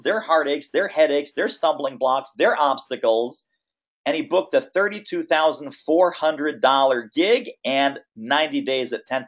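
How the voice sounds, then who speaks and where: A man coaching speakers on a webinar, energetic and emphatic, stacking lists and repeating phrases. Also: on the high side. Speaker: business coach. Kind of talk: webinar teaching.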